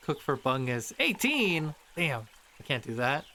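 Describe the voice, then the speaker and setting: A man's voice: a little high, big pitch swings, unhurried, sharp tone, slight background noise. A man streaming a game, casually commenting and reading the game's text aloud in a playful way. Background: game music.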